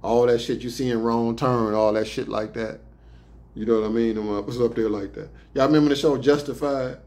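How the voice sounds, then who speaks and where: Male storyteller, casual streetwise slang, profane, mid-range voice, relaxed anecdotes. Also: mid-range voice, a little fast. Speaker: podcast host telling prison stories.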